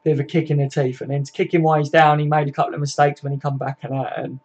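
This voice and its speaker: Young male stream host, slightly high voice, chatty, matey, reads comments aloud. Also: flat delivery, very fast, a little mellow. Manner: chatty, full of tag questions and "mate". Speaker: fan channel host. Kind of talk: casual live-stream chat reading viewer comments.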